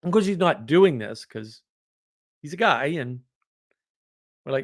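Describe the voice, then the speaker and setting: A man telling an anecdote in a casual monologue, animated, often laughing and full of fillers and restarts. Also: fairly high pitch, a little slow, long pauses. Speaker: host.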